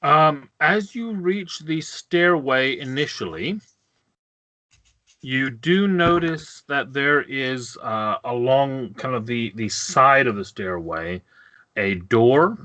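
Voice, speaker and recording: Male game master, bright tone, halting narration. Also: medium pitch, animated, dry recording, poor audio.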